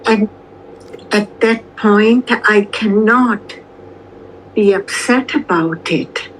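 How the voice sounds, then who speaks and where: An older woman answers an interviewer at an unhurried, deliberate pace, pausing between short phrases. Her voice sits in a middle pitch and stays calm throughout. A faint hum of ambience lies underneath. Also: rough recording. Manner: calm, measured, long pauses between phrases. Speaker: interview guest. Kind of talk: slow reflective conversation.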